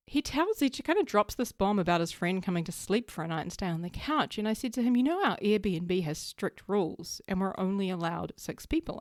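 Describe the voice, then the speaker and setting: A woman, hosting her own podcast and telling a story in a lively way, acting out her worried thoughts. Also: mid-range voice, no echo, studio quality. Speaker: podcast host. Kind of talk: casual solo podcast talk.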